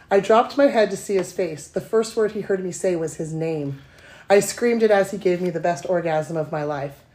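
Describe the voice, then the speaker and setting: A woman with a breathy voice reading erotic fiction aloud, a bit self-conscious. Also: mid-range voice, darkish tone. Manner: self-conscious, giggly between passages. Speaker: guest reader.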